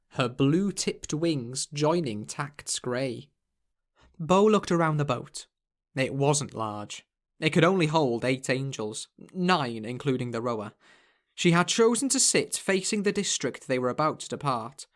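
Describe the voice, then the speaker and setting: A man reading a fantasy novel aloud in measured, scripted storytelling. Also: on the high side. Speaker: audiobook narrator. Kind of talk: scripted narration.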